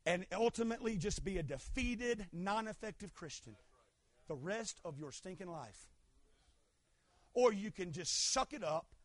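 A middle-aged man preaching a fervent sermon, swinging between shouted lines and quiet asides. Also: sits high, dry recording. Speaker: pastor.

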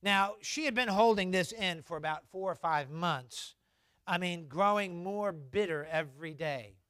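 A pastor with a high, unhurried, slightly bright voice preaches a sermon, emphatic and repetitive, recorded dry at studio quality. He leads the congregation in call-and-response, having them repeat lines, and reads scripture in old formal wording.

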